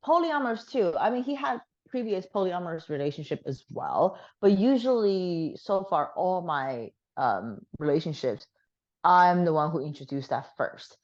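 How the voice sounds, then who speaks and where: A slightly hoarse woman chatting frankly as an interview guest, with plenty of fillers. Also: medium pitch, darkish tone, highs cut off. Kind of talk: casual chat.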